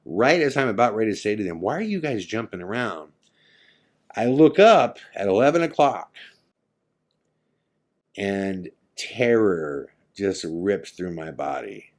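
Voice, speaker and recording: A man from California, a podcast host, vividly telling a first-person ghost story and acting out the lines of the people in it. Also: fairly low pitch. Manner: vivid, acts out his own and others' lines. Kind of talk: dramatic storytelling.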